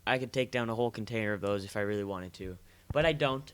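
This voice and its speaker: A man's voice: lowish voice, fast, smooth. A young man co-hosting a casual podcast, easygoing and brief. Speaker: podcast co-host. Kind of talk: casual chat.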